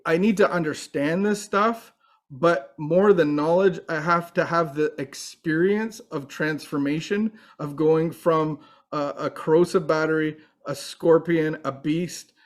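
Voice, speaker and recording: Man, earnest recovery speaker, faith-based talk, slightly higher voice. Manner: earnest, with frequent restarts.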